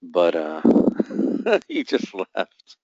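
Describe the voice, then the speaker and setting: A man's voice: deep voice, moderate pace, no echo. A man hosting live trading commentary, reading out buy and sell volumes and muttering taunts at the market. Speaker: forex trader hosting a live forecasting room. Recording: dull, dry lo-fi sound.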